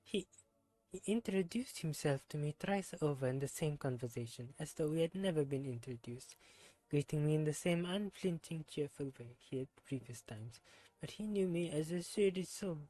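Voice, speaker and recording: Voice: medium pitch, animated, normal speed, warm tone, dry recording, natural voice, poor audio. A streamer reading game dialogue in a put-on French accent as a melancholy, pious scholar, formal and mournful. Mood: wistful.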